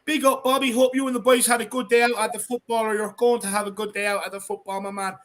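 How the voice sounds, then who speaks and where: A man's voice: sits high, level tone, fast, fairly bright tone. An Irish man hosting a casual fan livestream, upbeat and greeting viewers by name with local slang.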